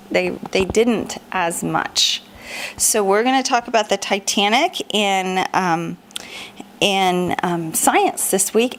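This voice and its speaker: A woman's voice: mid-range voice, a little hiss or hum. A woman teacher walking children through a homeschool lesson, asking them questions and chanting memory rhymes in a sing-song. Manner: encouraging, asks children questions.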